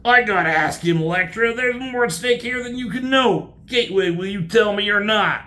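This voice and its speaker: A man's voice: high-pitched, moderate pace, sharp tone, voice pushed up. A man voicing a tough male hero in an exaggerated, mock-heroic way.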